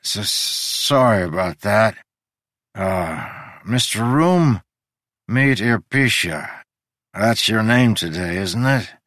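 Guy doing a drunk gruff dude, loud and blustery, pretty low voice, dry sound. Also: lively intonation, slow, no room sound. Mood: drunken. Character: drunk, gruff, boastful man sprawled on floor. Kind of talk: audiobook character reading.

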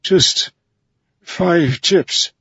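A man doing an old shoemaker with a raised, gravelly, trembling voice, gentle and pleading. It is a storybook reading on a slightly muffled, dry recording. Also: sits high, very slow, no echo, voice pushed up, heavily acted.

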